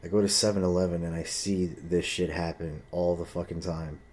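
A man's voice: deep voice, fairly even intonation, a little fast, darkish tone. A young man in a casual, profane, heated monologue, telling a story and acting out the voices of the people in it.

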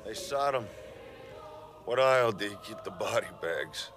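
An actor playing a hot-tempered man who swears, insults and shouts at everyone in a film. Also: lowish voice, lively intonation, unhurried, a little hiss or hum. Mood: abusive. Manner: foul-mouthed, insulting, shouting. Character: hot-tempered, foul-mouthed man, quick to pick fights. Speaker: abrasive customer in a film scene. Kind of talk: film acting.

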